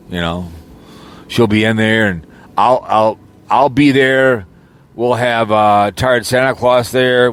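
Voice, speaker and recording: A man rambling casually in an audio vlog, joking around with lots of fillers and false starts, recorded in his car. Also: lowish voice. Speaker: YouTuber.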